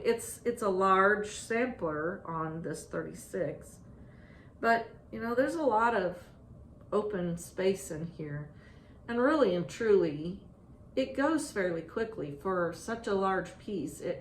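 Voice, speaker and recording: A woman chatting casually about her stitching projects, halting and restarting often with ums. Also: medium pitch. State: out of breath. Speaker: stitching vlogger. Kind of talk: casual show-and-tell chat. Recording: echoey room, faint ambient noise.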